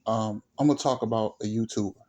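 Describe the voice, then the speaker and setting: A man's voice: lowish voice, steady tone, quick pace, warm tone. Blunt, profane man ranting to camera. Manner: blunt, profane and repetitive, lecturing. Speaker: YouTuber. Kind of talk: direct-to-camera rant.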